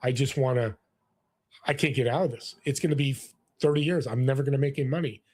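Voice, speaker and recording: A man's voice: medium pitch, fast talker. A man in his sixties, a guest in a casual interview, telling personal stories earnestly with lots of restarts. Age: 60s. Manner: earnest, animated storyteller with frequent restarts. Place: California.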